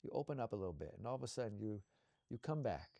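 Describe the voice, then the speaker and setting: A man co-hosting a show, leading a slow guided visualization with soothing, repetitive coaching cues. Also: fairly low pitch, big pitch swings, creaky, mellow, no echo.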